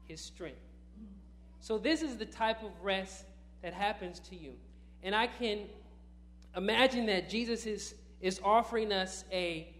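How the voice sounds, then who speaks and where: High-voiced man preaching a sermon. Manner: conversational, rising to emphatic bursts. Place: church.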